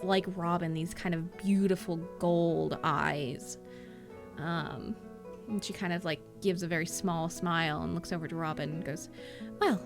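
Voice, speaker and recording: A woman's voice: lowish voice, creaky. A woman running a tabletop game as game master, describing scenes in a rambling, descriptive way full of fillers.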